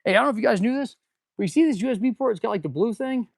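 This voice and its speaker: A man's voice: very high-pitched, expressive, rapid-fire, creaky, husky, no echo, studio quality. A man who is a mechanic, chatting casually on a live stream while he works in an auto repair shop, laid-back and calling viewers "dude.". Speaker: auto mechanic and channel host.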